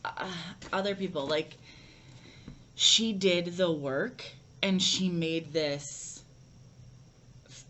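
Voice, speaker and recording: Low-voiced woman chatting about books. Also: very slow, pauses often, bright, forceful tone, a little hiss or hum. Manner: rambling, many fillers and restarts. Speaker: book vlogger. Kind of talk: casual book review chat.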